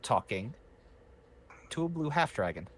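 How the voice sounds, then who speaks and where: Slow, hesitant male game master. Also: medium pitch, sing-song, slight background noise. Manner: unhurried, hesitant, lots of fillers. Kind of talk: narrating a tabletop game.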